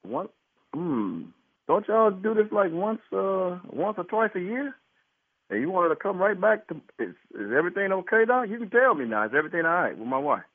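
A husband on a phone call, indignant and repeating himself as he gets angrier, with a husky voice. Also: high voice, sing-song, a little fast, no echo. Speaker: prank call target. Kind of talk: heated phone argument. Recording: tinny phone line.

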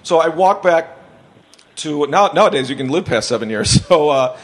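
A man with a voice a little higher than most tells a story in loose podcast chat. He is a stand-up comic who rambles, swears freely and laughs through his own telling. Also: lively intonation, normal speed. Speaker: stand-up comedian. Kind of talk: casual anecdote on a podcast.

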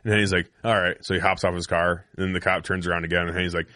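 A man's voice: low voice, level tone, very fast, pushed and bright, no room sound, studio quality. A man swapping war-buddy stories on a podcast, profane and laughing, acting out the quotes. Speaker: podcast host. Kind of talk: casual storytelling among army buddies.

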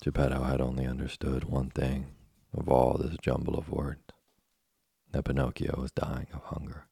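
A man reading a children's book aloud in a steady, plain way. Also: a bass voice, normal speed, vocal fry, breathy edge, dry recording. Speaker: storyteller.

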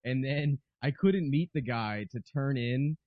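A man's voice: mid-range voice, expressive, a little slow, no room sound, phone-quality sound. A man chatting as a guest on a comedy podcast, rambling in a laid-back way and swearing casually.

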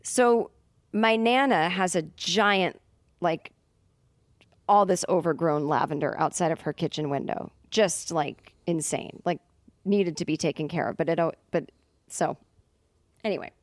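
A woman's voice: fairly low pitch, unhurried, no room sound, studio quality. A woman comedian telling a story as a podcast guest, casual and rambling, full of fillers and restarts. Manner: rambling, many fillers and self-corrections.

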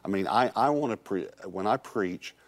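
A man hosting a talk show, a preacher who speaks with enthusiasm and affirmation in slow, deliberate phrases. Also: on the low side, expressive. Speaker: host and preacher. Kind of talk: casual talk show chat. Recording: faint crowd and noise behind.

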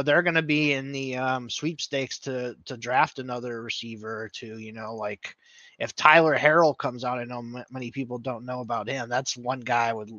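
Man, podcast co-host. Bright, loose casual chat, muffled lo-fi recording. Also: mid-range voice, no room sound. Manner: rambling, thinks aloud with fillers. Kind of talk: casual fantasy football chat.

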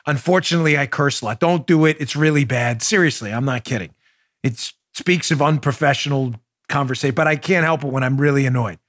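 A middle-aged man from New York hosting a political podcast, firing off sarcastic rhetorical questions with indignation, then dropping into soft, confiding asides. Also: medium pitch, a little fast. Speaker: podcast host. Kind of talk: heated political commentary.

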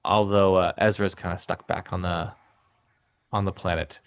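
A lower-voiced man leads a casual chat and keeps looping back to restart his thoughts. The audio is dull and lo-fi, with the top end missing. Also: little pitch movement, moderate pace. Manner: rambling with frequent restarts. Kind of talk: casual discussion.

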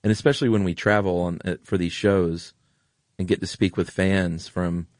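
Deep-voiced, gushing American podcast host. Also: male voice, steady tone, normal speed, a little mellow, no echo, studio quality. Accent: General American. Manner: enthusiastic, gushing. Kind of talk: casual chat.

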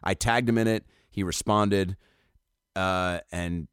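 A man's voice: low-pitched, fairly even intonation, slow, fairly bright tone, clean tone, no room sound, clean studio sound. A man hosting a comedy podcast, reading news articles aloud and riffing on them with loose jokes and swearing. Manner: joking, loose, swearing, lots of fillers and asides.

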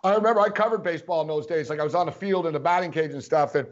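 A man with a rather high voice spins long, rambling sports stories on a podcast, padding his talk with "like" and "you know". The audio is dull and lo-fi. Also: racing. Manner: rambling storyteller, lots of fillers. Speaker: co-host. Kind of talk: casual sports chat.

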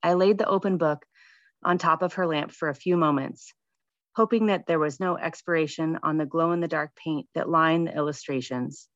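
A woman in her thirties gently reading her own reflective personal essay about motherhood. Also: low voice, normal speed, no room sound. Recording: dull lo-fi sound.

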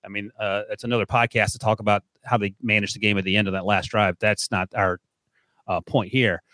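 A man's voice: lowish voice, level tone, fairly quick, pushed and bright, dry recording, clean studio sound. A man hosting a football podcast, joking with his co-host and plugging the show in a casual chat. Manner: upbeat, joking, plugs the show.

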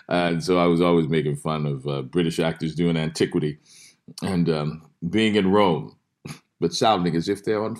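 Casting: very low-voiced male actor as interview guest, playful and chuckling. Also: normal speed. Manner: playful, laughing, animated storyteller. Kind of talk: anecdotal interview.

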